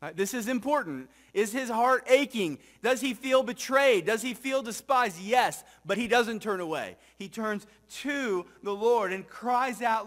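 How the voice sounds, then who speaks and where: A male pastor preaching a reflective sermon to a congregation, asking rhetorical questions and often dropping soft and low for scripture. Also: lively intonation, unhurried, hardly any pauses. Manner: asks the congregation rhetorical questions, frequent "right?". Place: church sanctuary with congregation.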